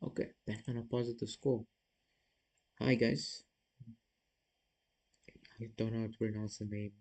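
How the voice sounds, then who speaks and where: A man streams chess, thinking aloud through puzzle moves, chatting casually with viewers and being self-critical. His voice is fairly low, level and a little mellow, a bit slow, and the recording quality is low.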